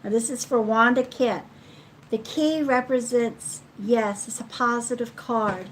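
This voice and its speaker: A middle-aged woman giving a live psychic card reading in a slow, chatty way, counting cards aloud. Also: fairly high pitch, fairly even intonation, a little hiss or hum, rough recording. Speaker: psychic reader.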